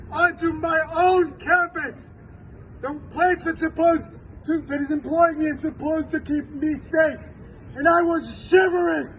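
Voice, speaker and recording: Man, 40s, professor at a rally; fervent, deliberate delivery, distant mic outdoors with faint city noise. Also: extremely high pitch, fairly even intonation. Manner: fervent, repeats phrases, shouting at times. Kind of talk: impassioned rally speech. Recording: distant outdoor recording with crowd and street noise.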